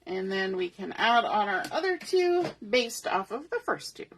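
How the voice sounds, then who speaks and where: A woman's voice: medium pitch, sing-song, moderate pace, slight background noise. A middle-aged woman hosting a papercraft tutorial, talking through each step aloud in a chatty way at her craft table. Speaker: papercraft host.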